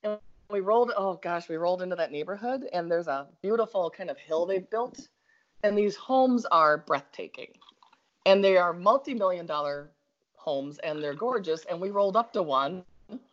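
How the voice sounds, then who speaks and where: A woman's voice: fairly low pitch, normal speed. Chatty Minnesotan woman telling a story. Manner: animated, laughs often, talks in bursts. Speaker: guest storyteller. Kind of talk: casual storytelling chat. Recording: slightly dull lo-fi audio.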